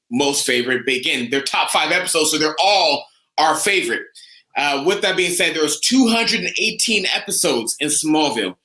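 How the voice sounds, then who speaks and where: Upbeat young man in an echoey room. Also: on the high side. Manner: enthusiastic, animated fan talk. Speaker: co-host. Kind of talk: casual podcast chat.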